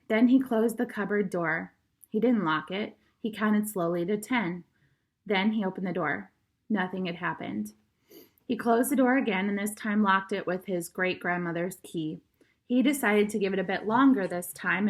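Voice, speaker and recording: A woman reading a children's novel aloud as storyteller, expressive, greeting her listeners and correcting small slips as she goes. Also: mid-range voice.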